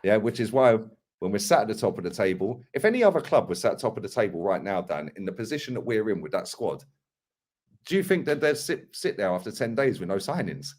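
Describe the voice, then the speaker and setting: A man's voice: lowish voice, very animated, fast, a little mellow. A man, a podcast guest arguing his point emphatically and asking for agreement. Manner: emphatic, keeps asking "right?". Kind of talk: casual podcast chat.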